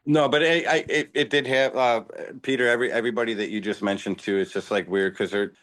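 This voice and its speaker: A man's voice: medium pitch, steady tone, fast talker, fairly bright tone. A man, a band member guest in a radio studio, reminiscing hesitantly with many restarts. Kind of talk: casual interview reminiscing.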